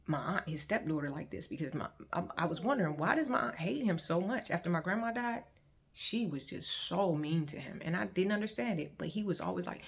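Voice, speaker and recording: A woman's voice: fairly low pitch, animated, fairly quick, gravelly. A woman vlogger sharing her personal testimony in a conversational, earnest storytelling manner, acting out what other people said. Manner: earnest, heartfelt, acts out quoted people.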